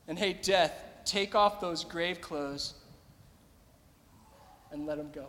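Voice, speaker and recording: A man's voice: a little high, slow pace, long pauses, fairly bright tone, in a large hall. A man preaching a sermon as pastor, emphatic and repeating his phrases, calling out to the congregation.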